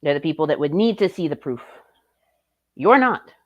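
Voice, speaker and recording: A woman's voice: low-pitched, expressive, quick pace, warm tone, dull audio. A woman streamer reacting to a video in casual, blunt and profane commentary. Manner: blunt and profane, laughs often.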